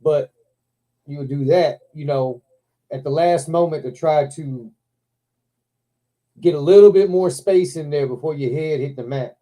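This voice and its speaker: A man hosting a live toy stream, telling wrestling stories in a loose, excitable way with plenty of swearing. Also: on the high side, unhurried, long pauses. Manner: excitable storyteller, swears freely, lots of "man". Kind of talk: casual chat.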